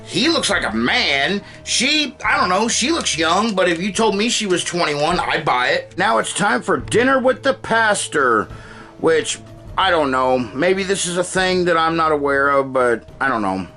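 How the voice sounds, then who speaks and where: A man's voice: high voice, sing-song, measured pace, pushed and bright, faint music behind. A man recapping a movie in a casual, sarcastic and profane way, often acting out what characters say. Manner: sarcastic, swears freely, acts out quotes. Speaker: movie reviewer.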